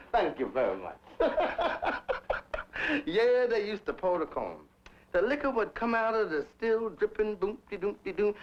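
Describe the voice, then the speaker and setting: A man being interviewed, telling candid childhood stories and laughing often. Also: mid-range voice. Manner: laughs often, animated, playful. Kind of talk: candid storytelling. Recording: dull lo-fi 1960s film sound.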